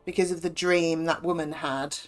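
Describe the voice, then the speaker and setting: A woman chatting her way through a game stream. She rambles through everyday news with self-mocking asides, her voice sitting a little low for a woman. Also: fairly even intonation, normal speed, soft background music. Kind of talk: casual chat while gaming.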